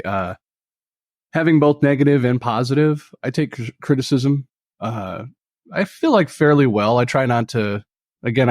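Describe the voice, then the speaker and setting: A man who hosts a true crime podcast, speaking in a measured, hesitant way in a roundtable discussion. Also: medium pitch, a little mellow, no echo, clean studio sound.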